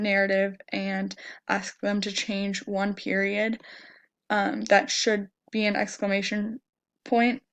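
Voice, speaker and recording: A young woman with a slightly crackly voice, explaining a lesson plan in a hesitant way with many pauses and fillers. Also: mid-range voice. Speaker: student teacher presenting a lesson plan.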